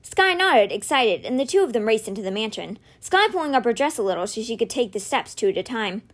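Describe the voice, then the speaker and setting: A woman reading a novel aloud with expressive, animated storytelling. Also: fairly high pitch, fairly quick. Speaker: audiobook reader.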